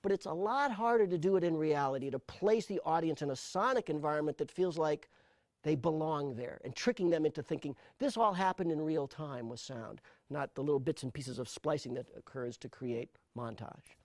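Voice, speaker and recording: Animated middle-aged man, dry sound. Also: fairly high pitch, moderate pace, no echo. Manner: animated storyteller, repeats words when starting thoughts. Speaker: sound designer. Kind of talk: interview conversation.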